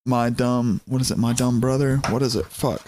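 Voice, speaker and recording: A young man chatting casually on a podcast. His voice sits at an ordinary middle pitch. He rambles, leans on "you know" and "like," and swears freely. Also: fairly even intonation, normal speed, a little mellow. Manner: rambling, swears freely, loose filler-heavy talk. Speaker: podcast co-host. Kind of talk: casual chat.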